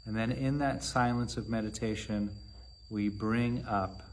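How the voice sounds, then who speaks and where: Slow, low-voiced man giving a dharma talk. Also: steady tone, a little hiss or hum. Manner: measured and unhurried, with long pauses. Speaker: meditation teacher.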